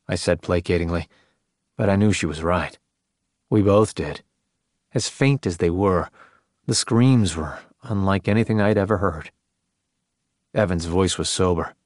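A man reading a first-person story in a measured, subdued way. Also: deep voice, lively intonation, no echo, clean studio sound. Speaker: narrator. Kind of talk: first-person audiobook narration.

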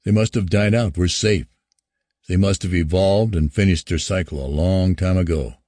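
A man reading the lines of an excitable male space crewman. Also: low-pitched, normal speed, no room sound, studio quality. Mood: relieved. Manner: eager, then relieved.

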